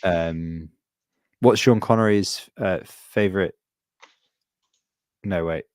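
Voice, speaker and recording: A man chatting casually on a podcast, rambling through animated stories with lots of restarts. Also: low voice, takes it slowly, clear, resonant tone, no echo. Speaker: podcast co-host.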